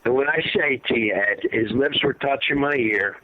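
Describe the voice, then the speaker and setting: A man's voice: fairly quick, dry recording. Impassioned man on a tinny phone line. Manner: impassioned, rambling, drops to a heavy low voice. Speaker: guest, father of a fallen soldier. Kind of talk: emotional storytelling interview. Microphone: phone call.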